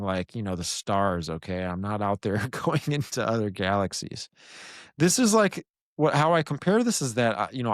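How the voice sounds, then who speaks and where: A low-pitched man hosting a podcast tells a story in an animated, intense way, stumbling and restarting as he goes. His voice is close and dry, with hardly any room around it. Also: creaky, no room sound. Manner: animated, intense retelling with many restarts and fillers. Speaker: podcast host. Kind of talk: casual storytelling.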